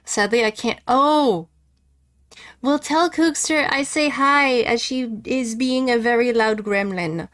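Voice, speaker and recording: A woman's voice: fairly high pitch, slow pace, fairly bright tone, soft background music. A woman streaming a video game live, chatting casually with her viewers and laughing easily.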